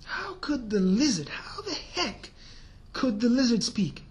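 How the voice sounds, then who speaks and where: A man telling a religious story as a sermon, animated and speaking straight to his listeners, sometimes dropping to a whisper. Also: extremely high pitch, a little slow. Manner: addresses listeners directly. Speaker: preacher.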